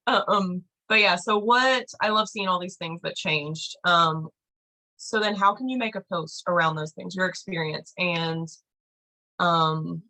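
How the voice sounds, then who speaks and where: A woman's voice: fairly low pitch, bright, forceful tone, poor audio. A woman leading a team training over a video call, chatty and rambling with lots of fillers.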